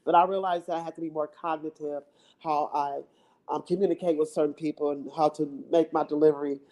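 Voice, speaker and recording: A woman vlogging casual chat into her phone, with a slightly low voice. She talks in a playful, teasing way and laughs often. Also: fairly even intonation, a little fast, dark tone.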